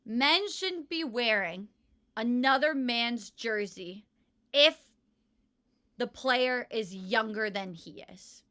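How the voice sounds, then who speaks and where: Young female podcast co-host, higher-pitched, giggly and opinionated in casual banter. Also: expressive, slow, pushed and bright. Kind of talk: casual chat.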